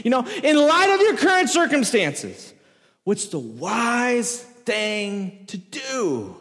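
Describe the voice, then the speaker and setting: A high-pitched male pastor preaching with emphatic repetition, coming back again and again to the same rhetorical question. His voice carries through a large church hall with a long, lingering reverb. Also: wildly swooping pitch, slow, fairly bright tone. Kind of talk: sermon.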